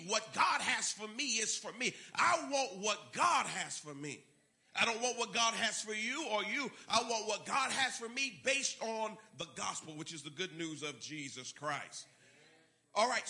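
Bright, high-voiced preacher man. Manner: emphatic, repeating key words for effect. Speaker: pastor. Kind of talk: sermon.

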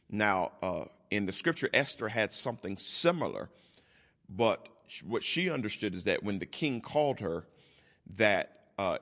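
A man's voice: on the low side, fairly bright tone. Preaching man in a reverberant hall. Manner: emphatic preaching, quoting and acting out voices. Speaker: pastor. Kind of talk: sermon.

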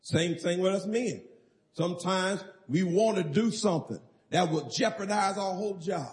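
A man's voice: high voice, moderate pace. A man preaching a sermon as pastor, emphatic and calling for responses from the congregation.

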